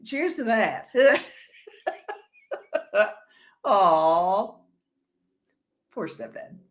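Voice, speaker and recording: Woman, livestream host, unhurried delivery, giggly, chatty comment reading. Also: mid-range voice, sing-song. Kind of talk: casual live-stream chat.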